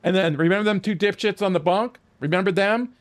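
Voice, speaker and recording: An older man with a notably high voice tells a rambling war story while streaming a game. He swears constantly and acts out each line of dialogue he remembers, giving the tale a loose, lively pull. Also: brisk. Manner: profane, animated storyteller acting out quoted exchanges. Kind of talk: casual storytelling while gaming.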